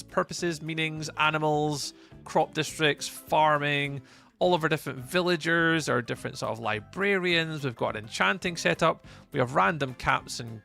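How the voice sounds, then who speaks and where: A man's voice: on the high side, gravelly, bright, forceful tone. A man from Scotland with a Scottish accent, chatting casually on a live stream and reading out and answering chat while he plays.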